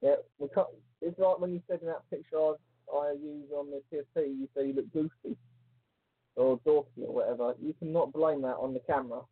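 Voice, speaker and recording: A man co-hosting a casual chat show, teasing and joking in an animated way. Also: on the high side, fairly quick, breathy edge, no echo. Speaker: podcast co-host. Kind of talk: casual banter. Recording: phone-like lo-fi line.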